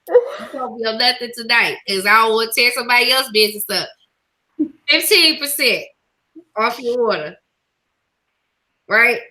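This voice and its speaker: Woman host, casual chatter, high-pitched and bright, emotional and laughing. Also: animated, normal speed, long pauses, rough recording. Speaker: YouTube host. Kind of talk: casual chat.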